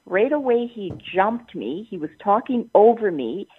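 A woman's voice: mid-range voice, big pitch swings, a little slow, husky. Upset older woman on a tinny phone line. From Canada. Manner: long-winded, indignant, circling back and repeating herself. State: upset, near tears. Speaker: prank call target. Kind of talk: phone complaint.

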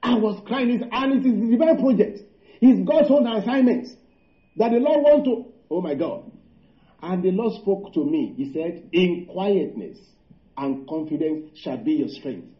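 A man preaching a sermon, halting and repeating words, calling out hallelujah and asking the congregation rhetorical questions. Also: high voice, expressive. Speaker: pastor. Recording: echoey room, dull lo-fi sound.

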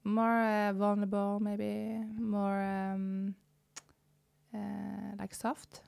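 A woman's voice: medium pitch, completely flat delivery, extremely slow, gravelly, a little mellow, dry recording. A young woman with a Norwegian accent, a native Norwegian speaker, chatting casually as an interview guest in a café, hesitant with many fillers and restarts. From Norway. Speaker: guest, burlesque dancer. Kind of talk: casual conversation.

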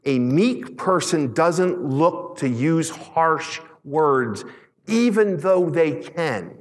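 A man preaching a sermon as pastor, emphatic, slowing on key words and asking the congregation questions. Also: a little high, expressive. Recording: long reverb in a large hall.

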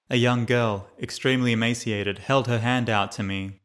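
A man's voice: mid-range voice, steady tone, moderate pace, a bit bright. A man narrating a memoir as an audiobook reader, reading steadily and lifting his voice for the quoted lines.

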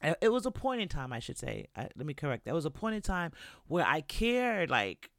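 A woman's voice: deep voice, sing-song, brisk, no echo. Podcast host: a New woman, candid and profane, talking straight to the listener in a dry, dead room. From New York. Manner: blunt and profane, candid storytelling. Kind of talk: casual monologue.

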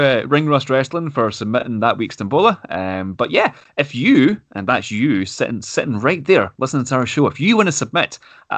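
A man's voice: mid-range voice, fairly bright tone, dry recording. A man co-hosting a casual podcast, laughing often and running a game segment with easygoing patter. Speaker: podcast co-host.

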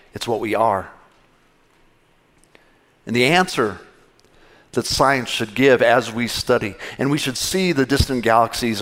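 A male pastor giving a conversational sermon, acting out little dialogues with God. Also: mid-range voice.

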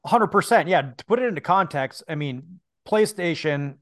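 A man's voice: fairly high pitch, animated, normal speed, dry recording. A man co-hosting a podcast in casual chat, rambling and repeating words as he starts his thoughts. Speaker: podcast co-host.

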